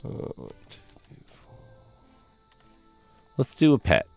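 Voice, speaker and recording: A man's voice: slow, lo-fi sound, faint music behind. A man hosting a gaming stream, telling a rambling casual story with lots of 'like'. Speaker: stream host.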